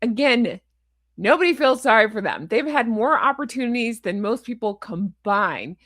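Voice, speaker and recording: A woman's voice: on the high side, animated, moderate pace, a bit bright, no room sound, clean studio sound. A woman hosting her channel, talking through a book recap in a casual, playful way and laughing often. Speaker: channel host.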